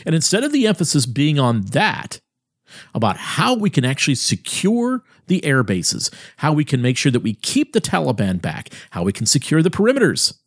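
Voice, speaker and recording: A man delivering a heated, sarcastic political monologue as host, with sharp emphatic swings in his voice. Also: fairly high pitch, big pitch swings, normal speed, no echo, clean studio sound.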